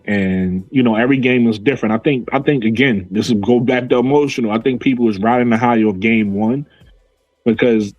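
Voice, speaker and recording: A man's voice: mid-range voice, a little mellow, no room sound, low-quality recording. A man doing casual livestream commentary on women's basketball, arguing his point with viewers and answering chat comments, repeating himself as he goes.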